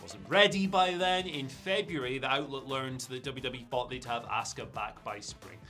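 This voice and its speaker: A man talks through the news in a loose, speculative way, leaning on fillers as he goes. His voice is bright and forward, sitting at a middle pitch, with faint music underneath. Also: normal speed. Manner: relaxed, speculative, chatty with fillers. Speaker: co-host of a news show. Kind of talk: casual news chat.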